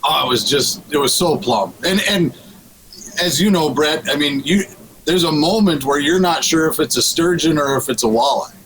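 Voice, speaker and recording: A man's voice: on the high side, moderate pace, a crowd in the background, rough recording. Rambling, laughing man telling a fishing story. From Minnesota. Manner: rambling with frequent restarts and laughs. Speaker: guest. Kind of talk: casual radio chat.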